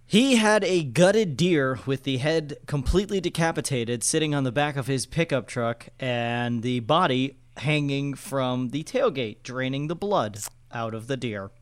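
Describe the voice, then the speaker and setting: A man's voice: medium pitch, unhurried, few pauses. A young man co-hosting a podcast, telling a playful story in casual chat. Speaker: podcast co-host.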